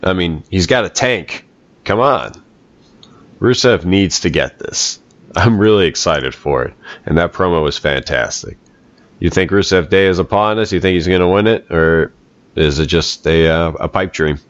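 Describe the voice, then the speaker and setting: A man's voice: low-pitched, normal speed, no room sound, lo-fi sound. A man co-hosting a casual wrestling talk show, upbeat and laughing easily. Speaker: podcast co-host.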